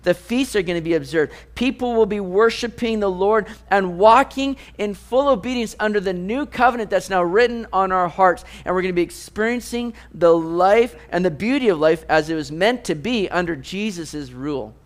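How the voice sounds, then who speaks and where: High-voiced preacher, lively delivery. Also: male voice, moderate pace, few pauses. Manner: animated, jumps to high mock voices for jokes. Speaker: pastor. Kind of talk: sermon.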